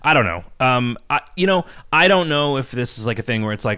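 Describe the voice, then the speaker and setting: A man's voice: medium pitch, lively intonation, fast, pushed and bright. A man hosting a casual podcast, reading listener questions aloud and rambling about design in a loose, profane way. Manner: loose, profane, rambling with fillers and mocking voices. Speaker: podcast host and game designer.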